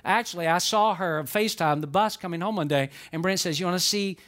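An older male pastor with a notably high voice. He preaches a story-filled sermon and keeps checking in with his listeners through direct questions. He often repeats his key lines for emphasis. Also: quick pace, a bit bright. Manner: repetitive, questions the congregation, storytelling.

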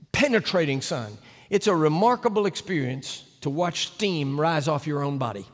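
An American man preaching, telling a story with animated, sudden loud swings and emphatic delivery. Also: fairly high pitch. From United States. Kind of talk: sermon storytelling. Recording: echoey hall reverb.

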